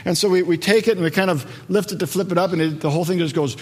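Speaking very fast in a high voice, a pastor preaches a sermon full of energetic storytelling, acting out each character's voice. Background noise is audible, and the recording has the long reverb of a large hall.

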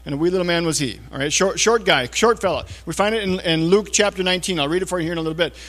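A man preaching a conversational sermon, checking in with listeners with little asides and often dropping to a low, hushed voice for emphasis. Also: very fast. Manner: casual, talks to listeners with frequent checks like "okay?" and "all right?". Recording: long reverb of a large hall.

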